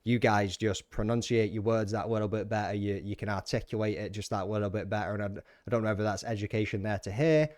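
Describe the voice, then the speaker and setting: A man hosts a podcast in loose, rambling chat, swearing freely as he goes. He talks at a brisk clip. His voice sits dry and close with no room sound. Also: lowish voice, steady tone, a little mellow, no room sound. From United Kingdom. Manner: rambling and sweary, fast-talking. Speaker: podcast host. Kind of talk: casual chat.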